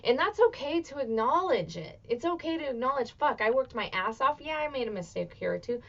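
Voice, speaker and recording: A woman in her thirties hosting a motivational solo podcast, talking expressively and swearing freely, with bursts of excitement. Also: fairly high pitch, brisk, gravelly, muffled recording. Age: 30s. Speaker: podcast host.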